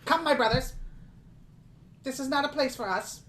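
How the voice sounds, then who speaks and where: A man's voice: extremely high pitch, moderate pace, fairly bright tone, pitched above the performer's own voice. A man voicing a small, haughty underground creature with stilted, broken speech. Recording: echoey room with faint noise.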